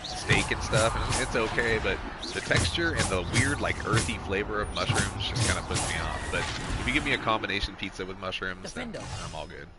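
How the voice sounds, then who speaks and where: A middle-aged man streaming a game and chatting casually, excitable and swearing at the game. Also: on the low side, brisk, few pauses, heavy background noise. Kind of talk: casual live stream chat. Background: game music.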